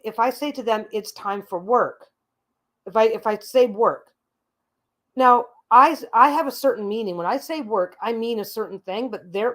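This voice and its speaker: A woman hosting her own show tells a long, casual story, rambling and chatty, full of asides, restarts and the occasional swear word. At points she mimics a parrot's calls in a higher, squawky voice.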